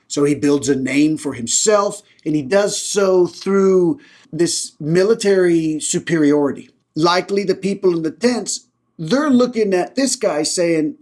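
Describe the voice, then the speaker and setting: A man with a fairly high voice reads scripture aloud and then retells it with casual, irreverent humor. He talks like a lay teacher chatting on his own podcast. His delivery is loose and joking rather than preachy. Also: lively intonation, unhurried.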